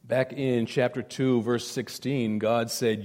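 A man's voice: mid-range voice, little pitch movement, slow, a little mellow, in a large hall. A male pastor preaching a sermon emphatically, with repeated phrases and direct appeals to his listeners.

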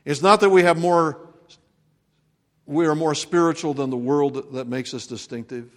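A man preaching a sermon as pastor, swinging between loud proclamation and hushed, quiet lines. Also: on the high side, steady tone, moderate pace. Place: church sanctuary. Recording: long reverb of a church hall.

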